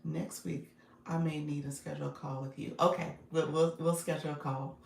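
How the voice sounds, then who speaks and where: A woman's voice: low-pitched, flat delivery, normal speed, creaky, a little mellow, echoey room, far from the mic, slight background noise. A woman coaching viewers on a casual livestream. She is chatty, laughs often and speaks straight to her audience.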